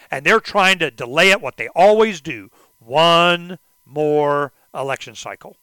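High, bright, excitable male talk host. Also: a little slow, clear, resonant tone, no echo. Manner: rambling and animated, acts out quoted exchanges. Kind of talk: political talk interview.

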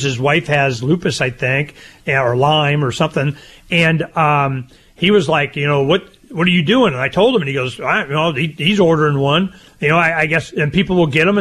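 An older man co-hosting a casual talk show, rambling and animated, with loud laughs. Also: fairly high pitch. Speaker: co-host. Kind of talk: casual chat.

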